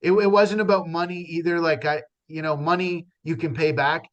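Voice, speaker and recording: A man's voice: on the high side, fairly even intonation, normal speed, fairly bright tone, muffled recording. A man, a stand-up comedian, talking earnestly in a casual conversation, with frequent restarts and fillers.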